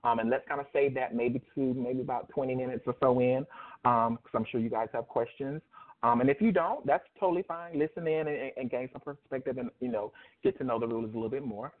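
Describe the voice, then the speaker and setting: A man's voice: mid-range voice, fast. A man in his thirties hosting a call-in interview, chatty, with frequent ums and easy laughs. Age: 30s. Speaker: host. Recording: tinny phone line.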